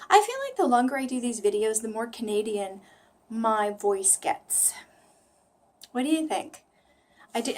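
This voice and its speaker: A woman with a flat General American accent, rambling chattily to camera in a self-deprecating way and sometimes dropping into a whisper. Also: medium pitch. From United States. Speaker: language-learning vlogger. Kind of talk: casual talk to camera.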